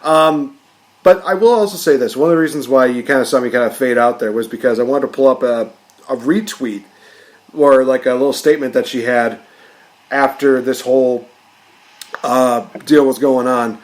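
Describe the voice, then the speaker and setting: A man's voice: mid-range voice, normal speed, low-quality recording. A man hosting a podcast, ranting in a casual, jokey way. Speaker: podcast host.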